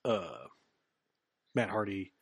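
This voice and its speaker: A man's voice: deep voice, sing-song, slow pace, vocal fry, husky, dry recording. A man co-hosting a casual podcast, talking in a laid-back, hesitant way with frequent fillers. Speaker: podcast co-host. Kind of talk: casual chat.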